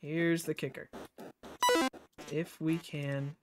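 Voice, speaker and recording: A livestreamer giving live gameplay commentary, frustrated and swearing a lot, talking to themself and to chat, swinging from low muttering to sudden loud outbursts. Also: little pitch movement, slow, over loud music.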